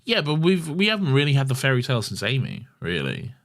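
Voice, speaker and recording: A man's voice: medium pitch, wildly swooping pitch, fast, fairly bright tone. Blunt, teasing male podcast co-host. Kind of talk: casual chat.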